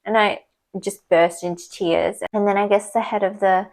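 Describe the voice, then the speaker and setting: A woman's voice: medium pitch, steady tone, normal speed, low-quality recording. Chatty young woman vlogging candidly. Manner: chatty, candid storytelling, retelling dialogue. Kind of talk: casual personal vlog. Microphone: small clip or desk mic, sometimes knocked.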